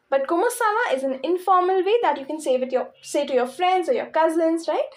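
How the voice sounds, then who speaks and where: A young woman teaching a French lesson, repeating phrases slowly and checking that her students follow. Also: sits high. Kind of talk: classroom-style language lesson.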